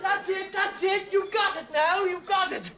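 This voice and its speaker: A man's voice: extremely high pitch, fairly even intonation, normal speed, crowd noise. A man playing a pushy, know-it-all restaurant diner in a 1970s TV sketch, talking over people in an overbearing, clowning way. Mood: manic. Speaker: comic sketch performer. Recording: TV studio with audience laughter.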